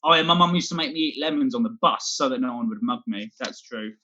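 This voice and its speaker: A man's voice: mid-range voice, fast talker, pushed and bright, lo-fi sound. A man doing a scattered, self-deprecating stand-up set from home, swearing a lot as he talks. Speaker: stand-up comedian. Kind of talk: rambling online stand-up set.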